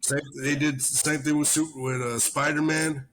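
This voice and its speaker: A man co-hosting a casual podcast, talking in a profane, rambling, animated way and telling stories. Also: a little high, moderate pace, slight background noise. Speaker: podcast co-host. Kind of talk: casual chat.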